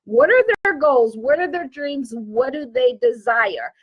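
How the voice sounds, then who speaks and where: A woman's voice: sits high, measured pace, slightly rough, muffled recording. A woman with a Southern American accent giving a casual, emphatic teaching talk as an online business coach, often repeating and correcting herself. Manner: lively, repetitive, emphatic, self-correcting.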